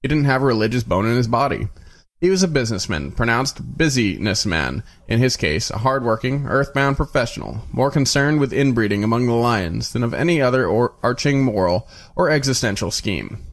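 A man's voice: medium pitch, expressive, fairly quick. A man narrating a novel aloud in a wry storytelling manner, with occasional slips and restarts. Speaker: reader.

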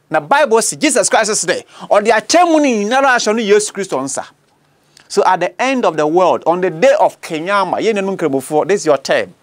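A man with a Ghanaian accent gives a bilingual teaching sermon, slow and deliberate, stressing points with rhetorical questions. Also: high-pitched. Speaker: preacher and apologist.

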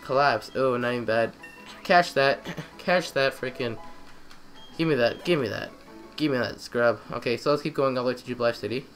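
A young man giving excitable let's-play commentary, trash-talking the game and repeating phrases in quick bursts. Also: mid-range voice, faint music behind. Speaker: gamer.

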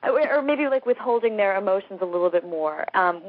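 A young woman from the United States talks about her writing in a chatty, easygoing way, laughing often and filling pauses with "you know" and "um." Her voice sits at an ordinary pitch and comes through a thin, tinny phone line. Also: animated, no room sound. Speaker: novelist guest. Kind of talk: interview over a phone line.

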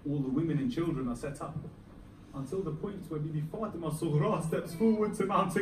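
A man preaches a Muharram sermon in a mosque hall, his fairly high voice swelling and dropping with feeling. He is picked up from a distance, so the hall's echo rings around every phrase, with a faint hum of the room underneath. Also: fairly quick. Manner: dramatic, rising and falling intensity. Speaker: Muharram lecturer. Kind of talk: emotional sermon storytelling. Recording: echoey hall, recorded from far off, faint ambience.

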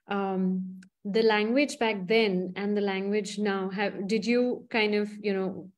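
A woman's voice: medium pitch, darkish tone. Hesitant woman interview host. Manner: hesitant, many fillers while framing questions. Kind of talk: casual interview conversation.

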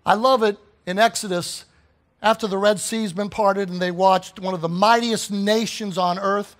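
Fervent high-voiced man preaching. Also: fairly even intonation, moderate pace. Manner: fervent, emphatic preaching with rhetorical questions. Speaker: pastor. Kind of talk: sermon. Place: church sanctuary.

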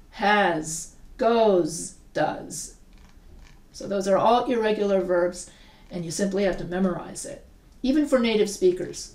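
Slow, deliberate woman teaching grammar. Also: medium pitch, a little mellow. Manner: reads word pairs aloud slowly and deliberately, with asides. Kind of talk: recorded classroom-style lesson. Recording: echoey room, mic set far off.

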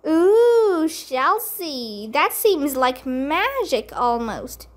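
A woman's voice: sits high, sing-song, extremely slow, full character voice. A woman voicing a spoiled, showy little rich girl in a storybook reading, with a whiny sing-song voice. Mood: excited.

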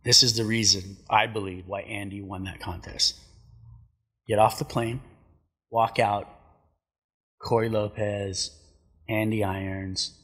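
A middle-aged man spins surf stories as a podcast guest, swearing freely and acting out every quote. His voice is husky and forceful, sitting a little low. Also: unhurried, pauses often, in a large hall. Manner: profane, animated, acts out quotes. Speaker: guest, pro surfer and commentator. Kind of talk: casual storytelling chat.

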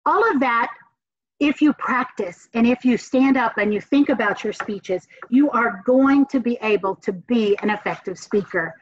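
A woman from the Southern United States with a Southern American accent, a communications professor giving an energetic, encouraging classroom lecture with emphatic repetition. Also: a little high, normal speed, no room sound. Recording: dull, dry lo-fi recording.

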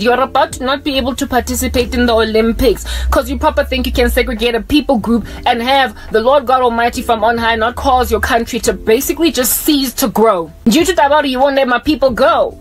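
A woman preaching a scolding video sermon in a fiery, sarcastic way. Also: sits high.

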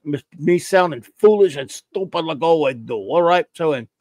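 A man's voice: fairly high pitch, animated, normal speed, a little mellow, no room sound. A man hosting a live stream, rambling and joking as he greets viewers in the chat. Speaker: podcast host.

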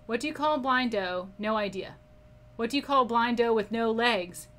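A painting teacher hosts a live class with chat, reading audience comments aloud between frequent bursts of laughter. She speaks at a moderate pace in a slightly high, somewhat bright voice.

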